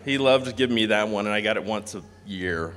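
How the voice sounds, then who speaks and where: Man telling animated stories in a hall. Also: fairly low pitch, a little fast. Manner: animated storytelling, mimics voices. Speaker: eulogy speaker. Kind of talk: memorial speech with anecdotes. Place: large hall. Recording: long hall reverb.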